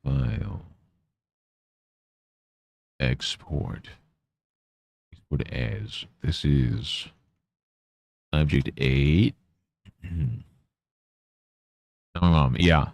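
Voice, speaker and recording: Super low gravelly guy on stream, mumbling to himself n telling off his pet, dry close sound. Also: very slow, long pauses, darkish tone, no echo. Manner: mutters to himself while working, mock-scolds his pet. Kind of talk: casual live-stream chatter.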